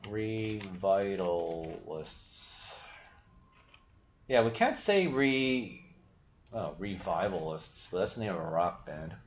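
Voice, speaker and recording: A man's voice: low-pitched, very animated, normal speed, few pauses, slight background noise. A man hosting a casual livestream, thinking aloud in a rambling, self-interrupting way and swearing casually. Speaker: livestream host. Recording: echoey, dull lo-fi stream audio.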